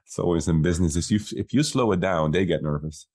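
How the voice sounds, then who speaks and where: Brief: low-pitched male business coach, relaxed podcast storyteller who voices the quoted dialogue. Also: fast.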